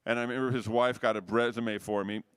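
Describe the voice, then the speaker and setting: A man's voice: mid-range voice, little pitch movement, quick pace, smooth, no echo. Middle-aged male musician guest, rambling anecdotes, dry close mic. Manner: rambling anecdotal storyteller with frequent restarts. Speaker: guest jazz saxophonist. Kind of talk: casual storytelling interview.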